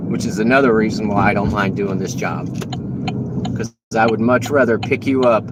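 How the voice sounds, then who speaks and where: Chatty man livestreaming from traffic. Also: lowish voice. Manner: chatty, joking, greets viewers by name. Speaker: rideshare driver and livestreamer. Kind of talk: casual livestream chat while driving. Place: on an electric cargo bike in traffic. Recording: noisy outdoor street with traffic. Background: traffic and vehicle noise.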